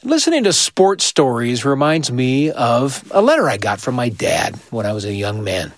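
A man hosting a storytelling program, introducing stories in a measured, conversational way. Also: mid-range voice, very animated, dry recording. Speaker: host. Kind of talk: radio-style introduction.

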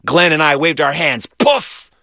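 A man reading a children's story aloud in a lively, animated way. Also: medium pitch, moderate pace, no room sound, clean studio sound.

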